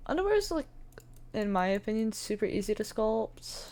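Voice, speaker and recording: A woman's voice: a little high, sing-song, moderate pace, darkish tone. A woman giving a casual screen-recorded tutorial, chatty and thinking aloud with many fillers, with the hiccups. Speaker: 3D modeling tutor.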